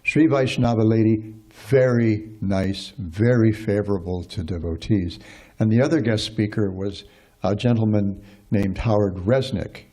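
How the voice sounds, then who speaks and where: A man's voice: fairly low pitch, a little slow, warm tone. A man giving a scripture class in a rambling, conversational way, with many fillers and restarts.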